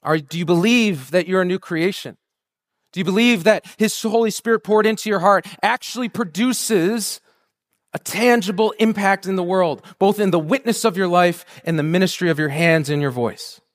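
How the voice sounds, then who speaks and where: Man, high voice, sermon, chatty and humorous, fervent crescendos. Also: normal speed. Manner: conversational and humorous, building to a rousing fervent prayer. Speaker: preacher.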